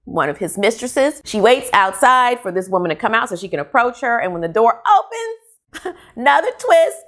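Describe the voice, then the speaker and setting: A woman retelling a story in a casual spoiler review, lively and animated, laughing and slipping into the voices of the people in it. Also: on the high side, normal speed. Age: young adult or older, a mother. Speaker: book reviewer.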